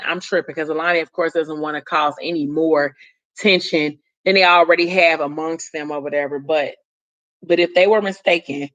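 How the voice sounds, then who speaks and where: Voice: mid-range voice, steady tone, moderate pace, a bit bright, highs cut off. A vlogger casually retelling a story to viewers, rambling with loose asides and talking straight to the audience. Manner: talks straight to viewers, chatty.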